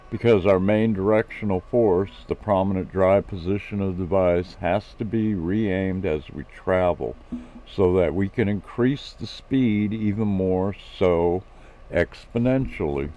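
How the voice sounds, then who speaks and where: A man's voice: low-pitched, warm tone. A man reading the lines of an eager adult male inventor friend who uses Aussie slang and explains technical plans at length.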